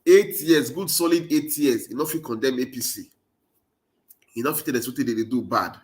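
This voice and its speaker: A man's voice: mid-range voice, animated, a little fast. Nigerian-accented man urging voters. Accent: Nigerian Pidgin English. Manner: urgent, exhorting with repeated rallying phrases. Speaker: political commentator. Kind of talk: impassioned political monologue.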